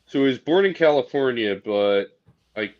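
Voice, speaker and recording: A man's voice: medium pitch, animated, normal speed. Laid-back man on a dull lo-fi mic. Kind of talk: casual podcast chat.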